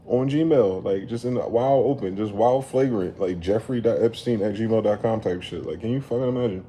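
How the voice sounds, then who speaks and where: A man ranting in a late-night commentary vlog, animated and profane, repeatedly telling listeners to slow down. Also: fairly low pitch, slight background noise. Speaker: commentary vlogger. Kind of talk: late-night rant to camera.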